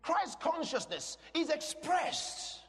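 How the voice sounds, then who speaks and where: A man preaching a sermon, moving between quiet teaching and shouted declarations. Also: extremely high pitch, very animated, slow pace. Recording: long hall reverb.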